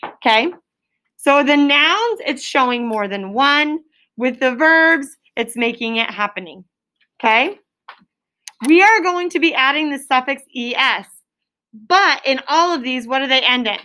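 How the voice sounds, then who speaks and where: A woman teaching a third grade class in a classroom, sounding out spelling words slowly and clearly. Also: high-pitched, expressive, sharp tone. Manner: clear, drawn-out word sounding. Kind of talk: classroom phonics lesson.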